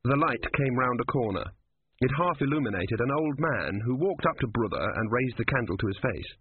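A man narrating a story in a measured, even storytelling voice, recorded with a dry, phone-like sound. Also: mid-range voice, a little hiss or hum. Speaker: audiobook narrator. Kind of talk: scripted narration.

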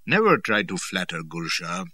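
A man voicing a stout, genial chieftain who speaks mildly and politely, with quiet menace beneath. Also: low-pitched, big pitch swings, moderate pace, no room sound, studio quality, distant mic, full character voice. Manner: mild, smooth, polite, cheerfully ironic.

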